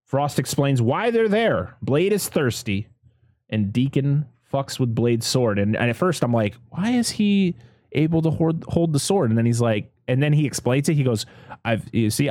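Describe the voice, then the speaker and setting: Casual male co-host, animated delivery, profane and jokey, dry close sound. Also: mid-range voice, normal speed, dry recording. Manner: profane, laughing, quotes characters. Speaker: podcast co-host. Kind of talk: casual movie recap chat.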